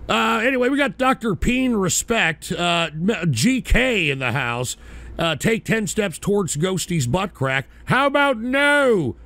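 A man's voice: high-pitched, lively intonation, measured pace, creaky, a bit bright. A man hosting a call-in radio show, rambling through viewer names with brash, profane, mock-indignant banter.

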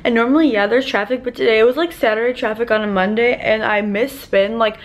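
Fast-talking chatty woman vlogger. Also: fairly high pitch. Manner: rambling and chatty, many filler "like"s. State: tired at end of day. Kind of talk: casual vlog chat.

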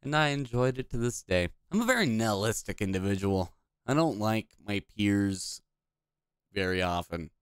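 A man's voice: sits low, clear, resonant tone, no echo, studio quality. A man casually commenting on a video game he is playing, blunt, profane and rambling. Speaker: gaming video host.

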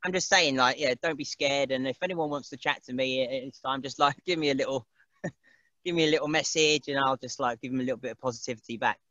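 Rambling, bright-voiced man. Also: medium pitch, quick pace, dry recording, muffled recording. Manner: rambling, laughs often, mimics voices. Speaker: interview guest. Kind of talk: casual chat.

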